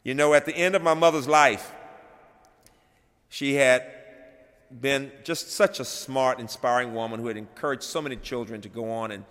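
A middle-aged man giving a dedication speech, telling a personal story and moving from hushed to loud and animated. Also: mid-range voice, normal speed. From Birmingham, Alabama. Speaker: college president, plenary speaker. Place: large chapel. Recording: long hall reverb.

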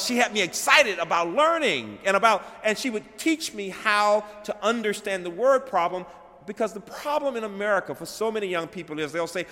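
A man's voice: high-pitched, lively intonation, normal speed, pushed and bright. A man giving an inspirational address as a speaker, telling a story and building repeated phrases to rising emphasis. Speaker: keynote speaker. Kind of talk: inspirational speech. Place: large chapel. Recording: long hall reverb.

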